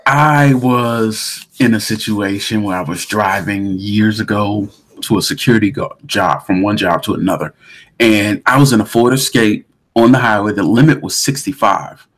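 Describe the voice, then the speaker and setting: A young man co-hosting a casual talk show, telling a story with lively acted-out quotes. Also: fairly low pitch, moderate pace. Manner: animated storyteller who acts out quoted voices. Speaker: podcast co-host.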